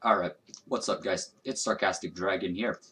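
A man's voice: low voice, fairly even intonation, moderate pace, noisy background. A young man giving casual, profane, self-mocking commentary while playing a video game. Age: young adult. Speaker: gaming YouTuber. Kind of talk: let's play commentary.

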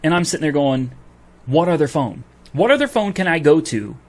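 A man's voice: on the high side, sing-song, brisk. Angry man ranting about a refund. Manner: heated, swears, recounts dialogue. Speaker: vlogger. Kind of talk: angry customer rant to camera.

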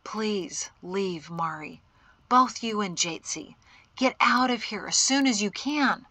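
A woman's voice: mid-range voice, slow, sharp tone, dry recording. A woman voicing a young farmer husband, urgent and emotional.

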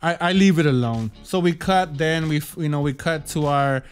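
A man casually reviewing a TV episode, talking in animated bursts with lots of restarts and quoted lines. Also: on the high side, moderate pace, clear, resonant tone, soft background music. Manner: animated, many restarts and repeated words, acts out quotes. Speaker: TV show reviewer.

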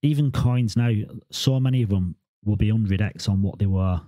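This is a man in his 40s doing a casual crypto vlog to camera, rambling along and often going back over words and restarting his sentences. He has a lowish, mellow voice, speaks at a normal speed, and there's no echo.

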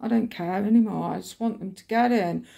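A woman's voice: mid-range voice, brisk, creaky, dark tone, slightly rough. Lady vlogging at home, fed up and ranting, swears a lot, rambles with ums. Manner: frustrated, ranting, swears freely, rambling with fillers. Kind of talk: casual vlog monologue.

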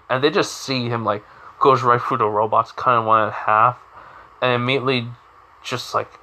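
A man's voice: mid-range voice, pushed and bright. A young man casually retelling a fan story with lots of fillers, like and you know.

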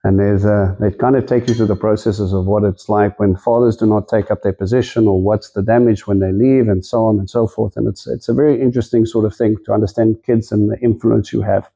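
A man's voice: fairly low pitch, steady tone, fairly quick, vocal fry, hardly any pauses, mellow, husky. A man preaching a sermon in a conversational, storytelling way, acting out the quotes in his stories.

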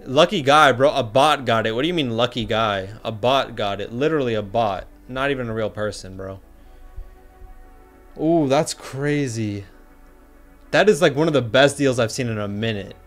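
A young man chats loosely on a livestream and reads viewer messages aloud. He jokes and talks in slang, at a medium pitch. Soft music plays faintly behind him. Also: moderate pace. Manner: laid-back, joking, slangy, reads chat aloud. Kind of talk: casual livestream chat.

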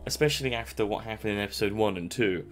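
A man's voice: on the low side, quick pace, faint music behind. A young man giving casual, rambling commentary over a survival game, self-mocking and chuckling often. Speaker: gameplay commentator.

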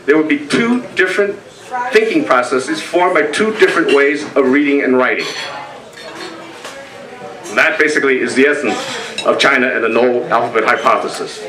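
An older American man giving a talk to a meeting. He tells stories, acts out quoted voices and pauses often. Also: mid-range voice, crowd noise. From United States. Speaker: speaker presenting a talk. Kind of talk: lecture to a meeting. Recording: echoey room, from far off.

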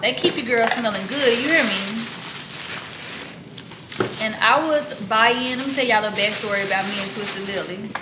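A woman's voice: fairly high pitch, moderate pace, pauses often. A woman vlogging at home, chatty and joking as she talks straight to her viewers while getting ready. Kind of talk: casual vlog talk to camera. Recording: echoey room with noise.

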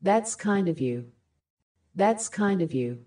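Woman, careful language-course reader, repeats each phrase, mellow voice. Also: medium pitch, animated, slow pace. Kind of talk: slow repeated phrase reading for learners.

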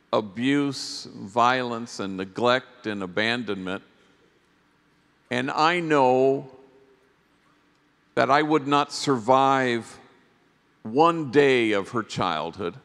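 Slow-talking priest in a big hall. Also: male voice, medium pitch, a bit bright, clean tone. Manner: slow, reflective storytelling with long pauses. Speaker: priest and speaker. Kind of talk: storytelling keynote talk. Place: large conference hall. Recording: long reverb of a big hall.

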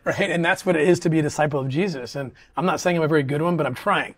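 Middle-aged guy in an interview, earnest and halting, a bit high voiced. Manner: earnest, halting, with many restarts. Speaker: interview guest. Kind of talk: casual conversation.

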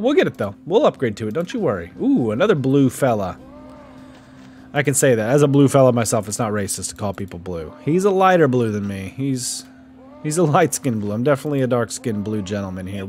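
A man casually commentating his own gameplay, joking and reacting playfully. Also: medium pitch. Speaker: gaming YouTuber. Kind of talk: casual let's-play commentary.

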